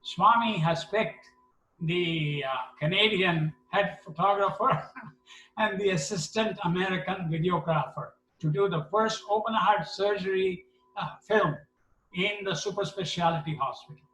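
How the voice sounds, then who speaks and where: A man tells stories at a devotional gathering, switching into voices for each person he quotes. His voice is fairly high and bright. He sounds set back from the mic in an echoey room. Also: a little slow, recorded from a distance. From India. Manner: animated, acts out quotes with voices. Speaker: satsang speaker. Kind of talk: storytelling talk.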